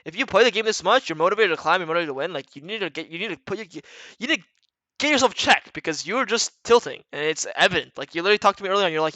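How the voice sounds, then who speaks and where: A man's voice: high-pitched, lively intonation, rapid-fire, sharp tone, no echo. A man giving blunt, profane, rambling coaching talk to viewers in a casual livestream chat. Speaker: retired pro gamer coaching viewers.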